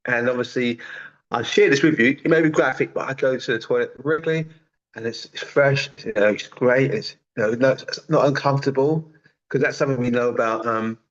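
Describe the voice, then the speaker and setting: A man giving a chatty, animated testimonial on an online group call, with lots of fillers. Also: medium pitch, brisk. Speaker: network marketer giving a testimonial. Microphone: video call. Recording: dull lo-fi video call audio.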